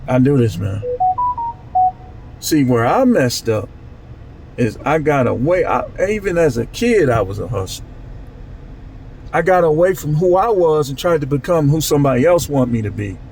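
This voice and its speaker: A man's voice: fairly high pitch, big pitch swings, moderate pace, creaky, long pauses, a little mellow, a little hiss or hum, poor audio. A man talking casually to his channel in a loose, repetitive street-talk way. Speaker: channel host. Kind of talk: casual monologue vlog.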